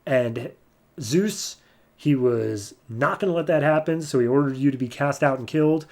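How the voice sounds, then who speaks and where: A man's voice: medium pitch, moderate pace, a little mellow, close to an everyday voice. Polite nervy scientist guy explaining stuff, host voicing him. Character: nervous polite male scientist.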